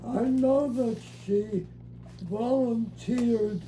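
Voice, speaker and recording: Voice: mid-range voice, drawn-out words, warm tone, slight background noise, low-quality recording. An older person in casual family conversation, giving brief, hesitant answers. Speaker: family member recalling the past.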